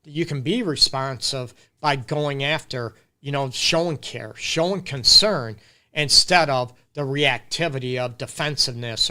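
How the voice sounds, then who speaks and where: Bright-voiced earnest male counselor. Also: mid-range voice. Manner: earnest, conversational, keeps asking "you get me?"; lists points with repetition and emphasis. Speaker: relationship counselor hosting a live Q&A. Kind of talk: live-stream advice talk.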